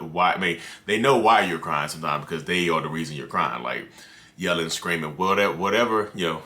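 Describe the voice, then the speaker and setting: A man's voice: low-pitched, bright, forceful tone. A man chatting loosely to camera as a mental health creator, with lots of "you know" and "like" and frequent restarts. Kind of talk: casual talk to camera.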